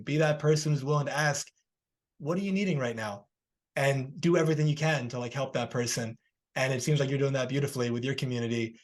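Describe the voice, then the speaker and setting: A man hosting a podcast interview, earnestly telling a story and offering encouragement, who works as a healer himself. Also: medium pitch.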